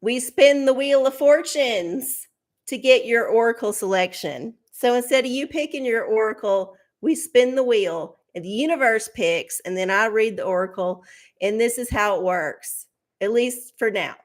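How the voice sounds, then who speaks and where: A woman's voice: fairly high pitch, moderate pace. A woman hosting a live tarot stream, chatting casually with her viewers, swearing freely and laughing often, from her home setup under studio lights. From Texas.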